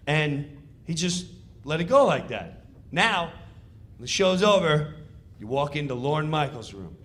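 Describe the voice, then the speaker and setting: A man telling a stand-up story in an animated, excitable way. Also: fairly high pitch, measured pace, pauses often. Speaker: comedian.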